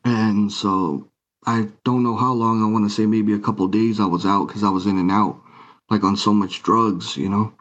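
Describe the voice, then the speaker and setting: A man with a low voice tells his own story with feeling. He acts out each exchange, voicing the others' lines as he recounts them. The sound is dull and lo-fi. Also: fairly even intonation, moderate pace, fairly bright tone. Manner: retells scenes by acting out quoted dialogue. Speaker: guest. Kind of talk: emotional personal storytelling. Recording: muffled lo-fi recording.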